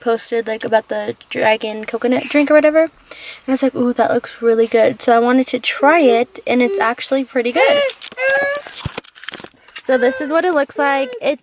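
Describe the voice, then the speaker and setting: A chatty young woman talking to her camera in a relaxed home vlog, her voice sitting a little on the high side. She rambles through her day with plenty of "like" and "um", easygoing and unscripted. A faint hiss of noise sits under the recording. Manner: chatty, full of "like" and "um" fillers. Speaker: vlogger and stay-at-home mom. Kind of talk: casual vlog chat.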